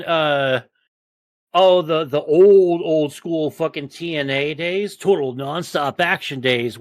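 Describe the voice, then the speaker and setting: A man hosting a podcast in casual chat, swearing constantly and rambling in an animated way. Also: a little high, no room sound, studio quality. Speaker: podcast host.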